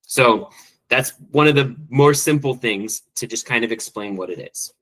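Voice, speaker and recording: A man's voice: mid-range voice, fairly bright tone, poor audio. Enthusiastic man teaching a tech workshop. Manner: quick, enthusiastic, with frequent ums and restarts. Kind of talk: online training presentation.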